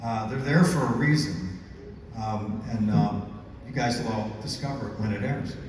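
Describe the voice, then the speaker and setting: Halting male actor in an echoey hall. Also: lowish voice, darkish tone, a little hiss or hum. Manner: halting, many fillers and restarts. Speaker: actor on a panel. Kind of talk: panel talk. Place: convention panel stage. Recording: echoey convention hall, far mic.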